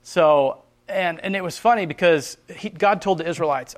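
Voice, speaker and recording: A man's voice: on the high side, moderate pace. A man telling his personal faith testimony in an earnest, rambling way, often stopping to restart and acting out prayers as quotes. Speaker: Christian speaker sharing his testimony.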